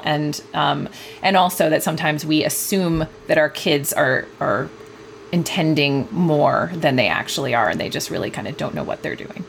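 A woman talks through parenting ideas as an interview guest, in a lowish voice with a gravelly edge. She speaks thoughtfully, pausing often with fillers and starting sentences over. It sounds like an easygoing conversation. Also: slight background noise. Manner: thoughtful, many fillers and restarts. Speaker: guest author, parenting expert; mother.

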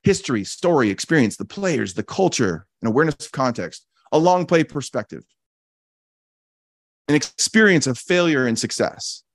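A man's voice: medium pitch, animated, moderate pace, no echo, studio quality. A man giving a reflective teaching talk as a podcast host, earnest and repeating key phrases for emphasis, with casual restarts. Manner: frequent restarts and casual fillers.

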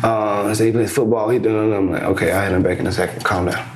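A young man telling a story casually as a podcast guest, lively, acting out the back-and-forth he describes. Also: on the low side, fast talker, roomy sound, slight background noise. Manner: animated storyteller acting out quoted exchanges. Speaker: podcast guest, basketball influencer.

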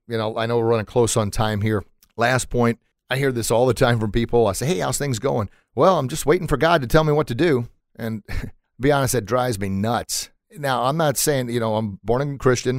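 A man hosting a motivational podcast, earnest and energetic, repeating his points for emphasis. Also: lowish voice, no room sound, studio quality. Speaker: podcast host.

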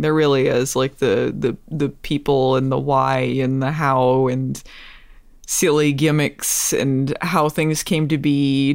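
A woman's voice: rumbling low, no room sound. A woman guest in a casual podcast chat, curious and asking short follow-up questions.

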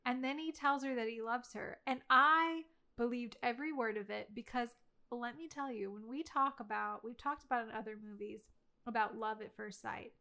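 A woman's voice: a little high, normal speed, creaky, bright, forceful tone. Chatty woman gushing about a movie. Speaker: podcast co-host. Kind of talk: casual movie review chat.

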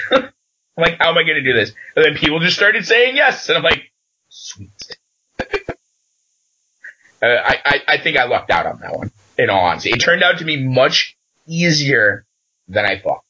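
A man in casual chat, recapping a game session as an animated storyteller who acts out the dialogue he quotes. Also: on the high side, a little slow, long pauses, husky, lo-fi sound.

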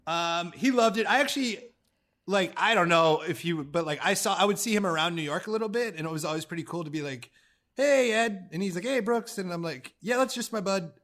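Speaking fast in a high voice, this young male comedian guest spins lively stories during a casual chat. He acts out quotes, swears a lot, and laughs often.

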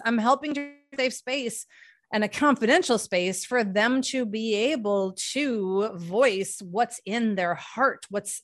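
A woman's voice: mid-range voice, a bit bright. A woman life coach, talking animatedly in an interview and acting out her clients' questions. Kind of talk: interview conversation.

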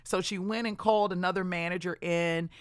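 A woman's voice: fairly low pitch, steady tone, fairly quick, clean tone, dry recording, studio quality. A woman podcast host telling her personal story in a candid, conversational way, often acting out what other people said.

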